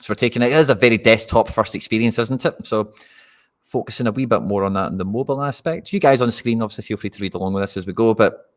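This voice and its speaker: A man's voice: fairly low pitch, quick pace. A Scottish man hosting a live fantasy football stream, chatting casually and talking straight to his viewers. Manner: chatty, addresses viewers directly.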